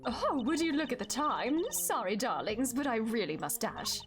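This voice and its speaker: A woman's voice: fairly high pitch, lively intonation, moderate pace, music in the background, natural voice. Woman doing posh game warden lady: snobby, theatrical, swooping drawl. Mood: gushing. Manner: affected posh drawl, sprinkled with French words. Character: flamboyant snobby rich female prison warden.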